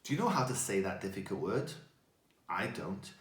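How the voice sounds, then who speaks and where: A man giving a playful, animated talk to children. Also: low-pitched, normal speed, roomy sound. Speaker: children's speaker.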